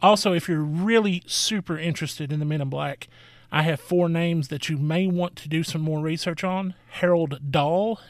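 A man delivers a scripted podcast segment in a slightly high voice. He is measured and deliberate, and the recording is dry and close. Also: dry recording. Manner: measured, spells out names. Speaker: segment presenter.

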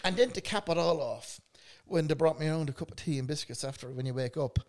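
A man's voice: on the high side, quick pace, darkish tone. An Irish man co-hosting a podcast, telling a long story full of swearing and laughing through it. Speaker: podcast co-host. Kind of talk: casual pub-style banter.

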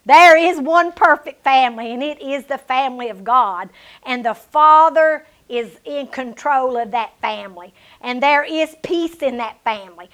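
A middle-aged woman preaching a sermon, telling personal stories with emphatic declarations and hushed asides. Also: high-pitched. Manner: personal storytelling.

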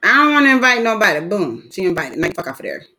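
Crude, animated woman telling a story. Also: medium pitch, fast. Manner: crude, laughing, animated storyteller acting out quotes. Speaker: co-host. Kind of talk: casual live-stream chat, storytelling.

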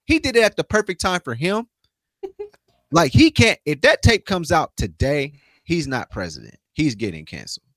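Lively, animated male podcast co-host. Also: a little high, brisk, no room sound, clean studio sound. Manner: loose and joking, laughs often. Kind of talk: casual sports chat.

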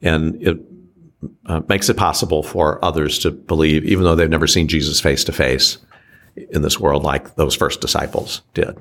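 A man speaking as an archbishop in a reflective teaching conversation, slow and measured, often pausing and restarting his sentences. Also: very deep voice, steady tone, fairly bright tone.

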